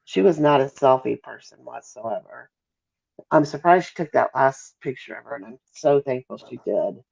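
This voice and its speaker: Halting Midwestern mother, gravelly and lo-fi. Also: rumbling low, expressive, darkish tone. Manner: halting, apologizes and loses her thread. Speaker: interview guest, mother. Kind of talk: emotional interview over a call. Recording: dull, lo-fi call audio.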